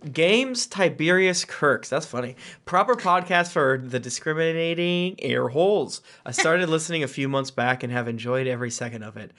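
A man's voice: medium pitch, fairly bright tone. A man hosting a podcast, reading listener reviews aloud with joking asides. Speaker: podcast host.

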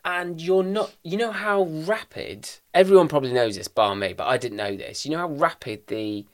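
A man's voice: a little high, moderate pace. A man co-hosting a podcast, chatting casually with dry, teasing humour. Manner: dry, teasing, animated when joking. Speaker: podcast co-host. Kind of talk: casual chat.

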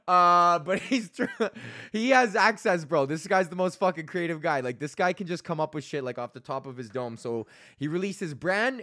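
A man's voice: a little high, a bit bright, no room sound, clean studio sound. A young man from Canada hosting a podcast, ranting casually, swearing a lot, rambling and laughing often. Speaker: podcast host.

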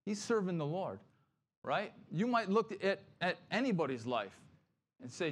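Conversational pastor preaching, higher-pitched man. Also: sing-song, normal speed. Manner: conversational preaching with frequent "right?" asides; acts out grumbling voices in quoted complaints. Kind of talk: sermon.

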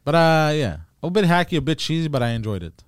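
Hesitant man with a smooth, dry voice. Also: a little high, expressive, fast, dry recording. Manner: hesitant, lots of uh and restarts. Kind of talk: casual comedic chat.

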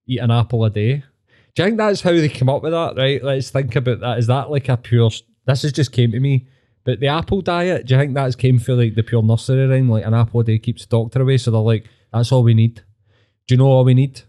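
A Glaswegian man talking in a loose, sweary podcast chat. His voice is mellow and warm, and he laughs a lot and slips into impressions of people he has met. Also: mid-range voice, quick pace. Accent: Glaswegian Scottish. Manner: swearing storyteller, laughs often, mimics people. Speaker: podcast host. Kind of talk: casual chat.

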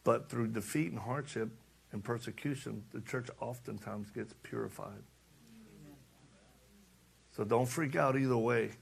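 The middle-aged preacher has a medium-pitched, gravelly, slightly rough voice and speaks at a measured pace with long pauses. His impassioned sermon features storytelling acted out with laughter and lines repeated for emphasis.

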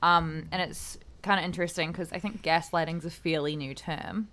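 A woman's voice: deep voice, steady tone, moderate pace, a bit bright. A woman co-hosting a casual chat, recounting news stories conversationally.

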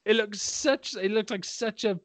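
A man's voice: high-pitched, measured pace, dry recording. A young man in a casual film-review chat, rambling and sarcastic, often laughing and putting on silly voices. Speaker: podcast host.

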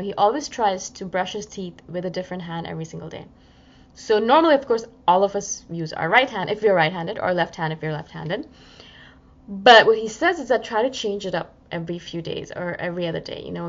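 A woman talking through a casual reflective podcast monologue, chatty and acting out inner voices. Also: medium pitch. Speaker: self-help podcaster. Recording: slightly dull lo-fi audio.

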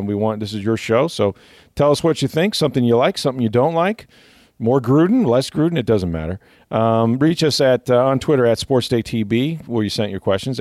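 A man's voice: mid-range voice, a little mellow, no room sound, clean studio sound. A man hosting a sports podcast, chatting casually and rambling with fillers and easy laughs. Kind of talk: casual chat.

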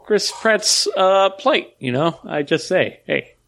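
A man co-hosting a casual comics podcast, jokey and animated. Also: high-pitched, slow pace. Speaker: podcast co-host. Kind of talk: casual chat about comics.

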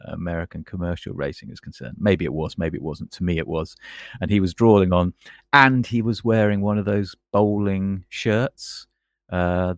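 A man's voice: deep voice, dry recording. A man co-hosting a podcast, chatting casually with dry, self-mocking humour. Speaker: podcast co-host. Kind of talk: casual chat.

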